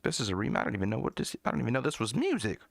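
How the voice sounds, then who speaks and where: A man's voice: mid-range voice, huge pitch swings, racing, gravelly, no echo. A man hosting a live music-review stream, talking bluntly and profanely with mocking asides. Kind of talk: casual live-stream chat.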